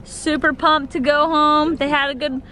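A young woman chatting to camera for her travel vlog, bubbly and quick to laugh, filming from a car. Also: high voice, fairly even intonation, bright, forceful tone, slight background noise. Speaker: vlogger. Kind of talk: casual travel vlog chat. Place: in a car and outdoors at night.

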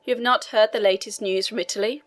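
A woman reads a brisk government inspector touring the cells, formal and businesslike. The voice stays at a middle pitch, plainly read for an audiobook. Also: fairly even intonation, close to an everyday voice. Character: stern official male prison inspector, brisk.

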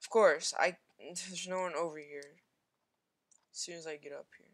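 This is a gamer narrating their own shooter match in a loose, rambling way, thinking aloud and poking fun at their own mistakes. The voice sits at an ordinary middle pitch, with repeated quick exclamations and plenty of ums and likes. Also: steady tone. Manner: frequent fillers and repeated exclamations. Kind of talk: casual gameplay commentary.

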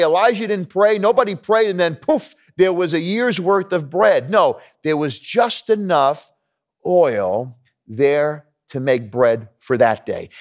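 Emphatic preaching man, raised pitch. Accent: New York. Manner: storytelling preacher, emphatic and conversational. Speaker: pastor. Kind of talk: sermon.

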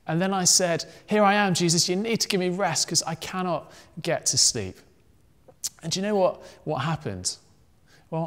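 A man giving an animated children's talk at a family worship service, telling a story and acting out the voices in it. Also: on the high side, in a large hall. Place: church.

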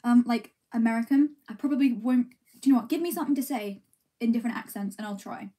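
A young woman eats ice cream while streaming, reading comments and answering in a rambling, giggly, self-deprecating way. Her voice is on the high side, fast and mellow, with slight background noise.

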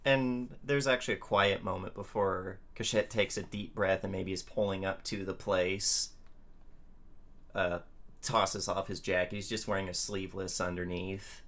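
A man describing his character's actions in a tabletop game, relaxed and a bit hesitant. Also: low voice, normal speed. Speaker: player.

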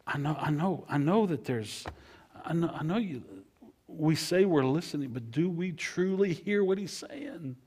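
A man preaching a sermon as pastor, repeating phrases and swinging between loud emphasis and hushed lines. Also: on the high side, expressive, unhurried, breathy edge.

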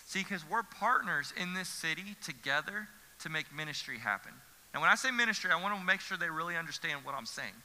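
A man's voice: a little high, sharp tone. A man, a pastor preaching an earnest sermon with emphatic repetition. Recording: church hall reverb.

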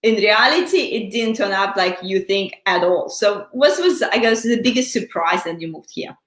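A woman's voice: mid-range voice, animated, normal speed, fairly bright tone. Woman host with a roomy echo. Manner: asks questions with hesitant fillers. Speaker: interview host. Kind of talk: live interview.

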